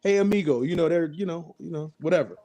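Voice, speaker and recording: A man's voice: a little high, fairly even intonation, fast talker, warm tone. A man hosting a casual chat, telling stories with lots of swearing and acted-out quotes. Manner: storytelling, swears freely, acts out quotes. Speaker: host.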